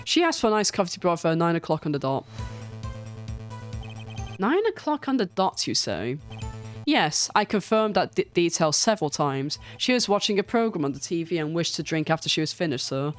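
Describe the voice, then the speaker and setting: A woman voicing a prim, fawning male hotel bellboy who speaks formally and drops to a lower pitch on each "sir", read aloud over a game. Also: very animated, fairly quick, soft background music. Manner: formal and deferential, ends lines with a low "sir".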